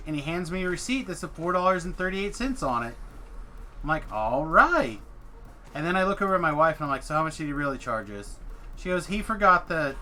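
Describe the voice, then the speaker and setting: Animated storytelling man, bright voice. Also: a little high. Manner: animated, swearing, acts out quoted people. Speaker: streamer. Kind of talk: casual storytelling while gaming.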